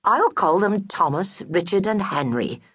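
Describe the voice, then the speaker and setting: A woman's voice: on the low side, animated, measured pace, a bit bright, breathy edge, no room sound, clean studio sound, heavily acted. A woman voicing a widowed mother mouse who is gloomy, plaintive and given to homely complaints. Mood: resigned. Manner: sighing, self-pitying, homely turns of phrase.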